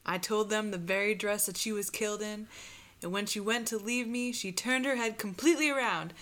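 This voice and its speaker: A woman's voice: medium pitch, brisk, fairly bright tone, natural voice. Woman reading grieving 1890s mother, firm witness testimony, earnest, insistent.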